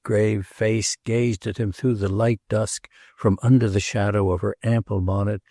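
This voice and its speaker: Male audiobook narrator, gravelly, lowish voice, dry close mic, measured reading. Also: warm tone, no room sound. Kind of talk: classic novel narration.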